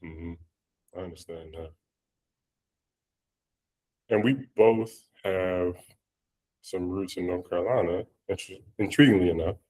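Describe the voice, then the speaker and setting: Male podcast host, low voice, slow and easygoing. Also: a little mellow, poor audio. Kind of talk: casual interview.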